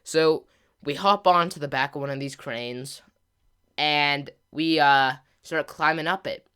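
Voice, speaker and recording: A gaming channel host with a clean, fairly high voice talks a bit slowly while telling a casual story over gameplay. He rambles, sprinkling in filler words and mild slang, and builds to a louder, more excited delivery at the climax.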